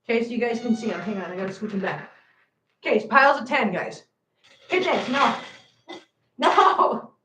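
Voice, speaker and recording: With a slightly high, fairly bright voice and lively intonation, she talks at a normal speed but pauses often. She hosts a cat channel livestream from a room at home, chatting, counting treats, and playfully scolding her cats. The room echoes, she sounds far away, and faint noise lingers.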